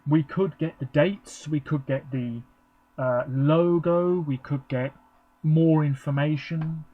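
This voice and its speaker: This male vlogger from England talks slowly through a rambling, chatty live reaction, peppered with ums. His voice is on the high side, steady in tone, and narrow, and the audio sounds tinny.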